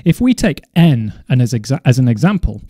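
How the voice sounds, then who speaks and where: A man teaching drum coordination in a measured, methodical way, now and then correcting himself as he explains. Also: medium pitch, big pitch swings, noisy background. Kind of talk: instructional explanation.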